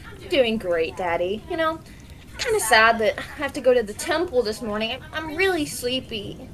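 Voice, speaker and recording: Woman playing a spoiled young princess, high, swooping sing-song, snide and whiny. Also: big pitch swings, normal speed. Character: bratty haughty young princess.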